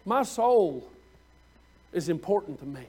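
A man preaching a sermon in a folksy, conversational way, breaking into loud emphatic bursts. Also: sits high, big pitch swings, unhurried, slightly rough.

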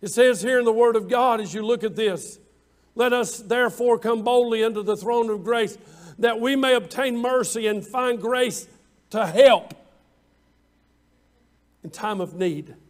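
A man preaching a sermon as pastor, stretching out his words and rising louder on scripture quotes. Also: very high-pitched, moderate pace.

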